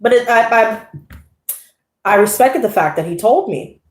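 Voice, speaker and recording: A woman with a high voice chats casually with her live audience, animated, profane and full of slang. She laughs often and tells her story with lots of energy. The room around her gives a noticeable echo. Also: normal speed. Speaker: tarot channel host.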